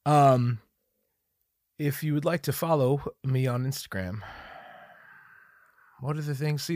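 Solo podcast host, male, 30s: profane, rambling, self-mocking; slightly high voice with big swings, dry close mic. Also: fairly bright tone, dry recording. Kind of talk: solo casual podcast monologue. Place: home room with a dog nearby. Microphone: studio microphone.

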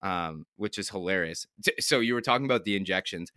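A man's voice: low voice, brisk, pushed and bright, smooth, no echo, clean studio sound. A young man, a pro hockey player, telling stories in a laid-back, profane way on a podcast and laughing as he goes. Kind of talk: casual storytelling chat.

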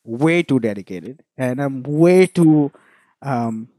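A man's voice: mid-range voice, expressive, takes it slowly, warm tone, no room sound, studio quality. A young man from India, a musician telling stories in a casual interview, laughing often and restarting phrases. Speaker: musician guest.

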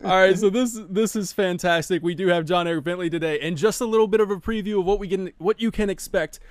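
A man's voice: high voice, fast talker, no echo. A man hosting a live podcast in casual chat, hyped and laughing often, restarting his sentences. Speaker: podcast host.

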